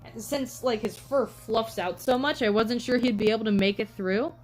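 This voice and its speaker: A woman's voice: fairly high pitch, moderate pace, rough recording. A young woman chatting casually on a live stream, telling rambling stories full of "like" and "um" and greeting viewers. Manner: chatty storytelling, frequent "like" and "um" fillers.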